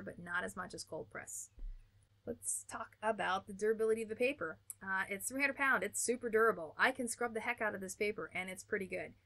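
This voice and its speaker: A woman's voice: mid-range voice, bright, forceful tone. An American woman hosting an art channel, giving a chatty, upbeat review with small laughs and restarts. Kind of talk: casual product review.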